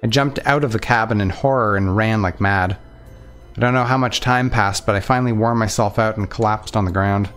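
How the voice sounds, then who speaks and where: A man with a lowish voice reads a visual novel aloud. His first-person narration is earnest and steady. Faint music sits under his voice. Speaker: let's play narrator.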